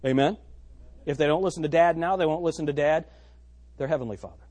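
A man preaching a sermon as pastor, swinging between loud emphatic lines and hushed ones. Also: on the high side, quick pace.

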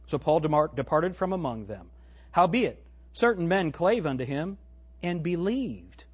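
Husky animated preacher man. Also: on the high side. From United States. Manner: animated preaching, swinging from loud to hushed; quotes scripture in old-fashioned wording. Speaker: pastor. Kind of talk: sermon.

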